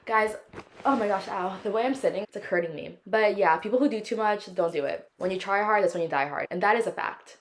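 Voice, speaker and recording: A woman's voice: medium pitch, expressive, fairly quick, music in the background. A woman hosting her own solo podcast, chatting casually in a sassy, opinionated, dramatic way, sometimes stretching words in a sing-song. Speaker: podcast host.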